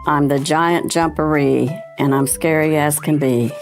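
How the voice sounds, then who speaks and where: A woman doing a slow looming burrow monster. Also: low voice, steady tone, soft background music. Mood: menacing. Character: scary giant burrow monster, booming.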